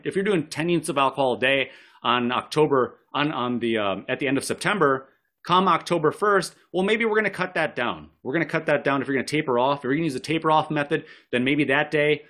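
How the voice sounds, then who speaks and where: A man's voice: medium pitch, fairly bright tone. A man speaking as a podcast guest, giving casual, rambling advice and often correcting himself with a joking tone. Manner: rambling, self-correcting, jokey.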